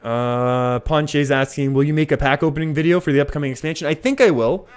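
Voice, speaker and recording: A man's voice: on the high side, a little fast, smooth. A young Canadian man streaming live, chatting through his gameplay, laughing often and answering viewers' messages. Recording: faint music behind.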